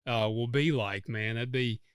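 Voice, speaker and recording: A man's voice: medium pitch, measured pace, clean tone, no room sound, studio quality. Easygoing male podcast host. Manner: easygoing, laughs along. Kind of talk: casual chat.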